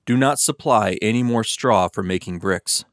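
Man reading a haughty ancient king, low, dry, commanding, barely acted. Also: normal speed, no room sound, natural voice. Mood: scornful. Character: stern arrogant ancient male king.

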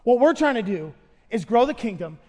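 A man's voice: extremely high pitch, big pitch swings, normal speed, background noise. A man in his thirties preaching a sermon as pastor, pleading and impassioned, his voice carried through a church sanctuary. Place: church sanctuary with long reverb. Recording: long hall reverb.

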